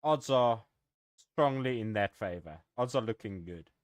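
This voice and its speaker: A man's voice: medium pitch, lively intonation, measured pace, no room sound. A man from Africa, live-streaming a game and chatting in a rambling, joking way with his viewers. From South Africa. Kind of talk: casual live-stream chat.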